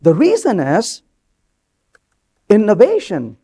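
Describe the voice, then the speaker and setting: A man's voice: sits high, slow, slightly rough. A man giving a live conference talk on stage, telling stories animatedly and acting out the dialogue. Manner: animated storytelling, acts out quoted dialogue. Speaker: conference speaker.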